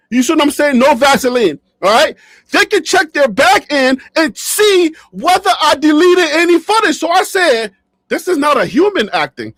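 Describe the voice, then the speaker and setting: Man, sports vlogger, very high voice, animated and jokey, laughs a lot, dry close sound. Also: no room sound. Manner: animated, joking, laughs often, repeats himself. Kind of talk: casual talk to camera. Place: his own studio.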